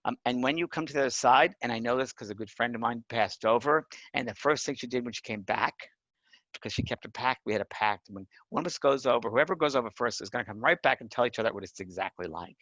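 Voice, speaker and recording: A man's voice: mid-range voice, fast talker, a bit bright, dry recording, lo-fi sound. A man teaching a course on mediumship, talking earnestly and emphatically and checking in with his listeners. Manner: earnest, emphatic, often asks the listener "right?". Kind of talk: spoken lesson.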